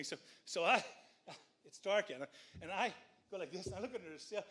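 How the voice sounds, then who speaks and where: A man telling a personal story at a live story slam, animated and conversational, with frequent swearing. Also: high voice, a little fast.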